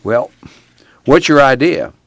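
A man as a tired, steady country father, low-key and drawling. Audiobook reading with a dry close sound. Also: takes it slowly, creaky, no room sound. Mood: weary. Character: weary middle-aged father, slow and steady.

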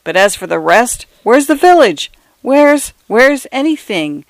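A man's voice: high-pitched, unhurried, clean tone, dry recording. A man voicing a small, flustered ordinary man whose feeble voice turns homely and ungrammatical in his panic. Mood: bewildered. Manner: plain-spoken, homely, ungrammatical speech.

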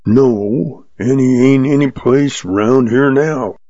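A man's voice: mid-range voice, takes it slowly, warm tone, no echo, dull audio, voice pushed up. A man doing a sneering, surly old-west cowhand. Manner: drawling, scornful. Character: surly sneering male cowhand, middle-aged.

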